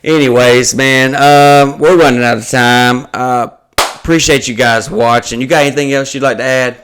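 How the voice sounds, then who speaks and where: A man's voice: medium pitch, fairly even intonation, moderate pace, noisy background. A man, a stand-up comedian hosting a podcast, ranting in a profane, exasperated casual chat.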